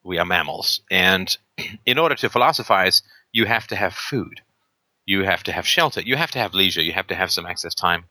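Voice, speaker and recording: A man's voice: low voice, expressive, brisk, pushed and bright. A man hosting a call-in show, talking emphatically with rhetorical tag questions and plenty of ums and uhs. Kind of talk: casual argumentative talk on a call-in show.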